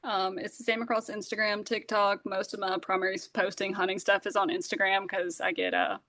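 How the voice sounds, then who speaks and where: A woman, a podcast guest telling a lively story and acting out the voices of those in it. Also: medium pitch, a little fast. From Southern Alabama. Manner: animated, acts out dialogue, many fillers. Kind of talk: storytelling in casual interview.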